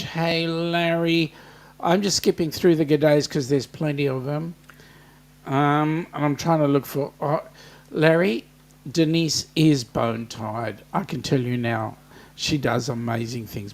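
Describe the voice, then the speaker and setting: A man's voice: a little high, slow pace. An Australian man co-hosting a casual livestream, reading out viewer greetings and teasing his co-host.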